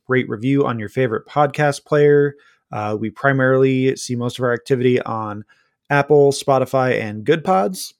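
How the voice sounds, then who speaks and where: Male podcast host, monotone, dryly joking; medium pitch, dry booth sound. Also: no room sound. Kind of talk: casual chat.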